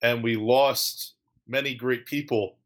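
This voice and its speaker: A man's voice: mid-range voice, steady tone, takes it slowly. A man hosting a casual podcast, joking around and spinning mock-spooky stories. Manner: playful, spins a mock-spooky tale. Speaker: podcast host.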